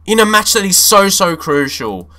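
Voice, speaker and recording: A young man streaming a football management game, commenting live with animated, frustrated swings and frequent swearing. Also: high voice, normal speed.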